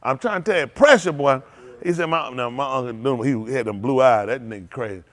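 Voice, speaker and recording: A man, a preacher telling loose, animated stories to his congregation, laughing often and repeating himself as he goes. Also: medium pitch, a little fast. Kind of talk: loose storytelling sermon.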